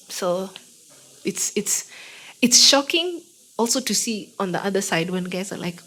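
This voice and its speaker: Young Kenyan woman, guest singer. Relaxed interview chat in a Kenyan accent, animated and expressive, acts out the people in her stories. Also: mid-range voice, unhurried, rough recording. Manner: lively storyteller who acts out the people she quotes.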